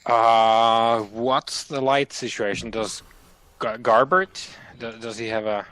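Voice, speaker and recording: Brief: male player, casual, halting delivery, middle pitch. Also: fairly even intonation, a bit bright, smooth. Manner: hesitant, restarts often. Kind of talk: casual tabletop play.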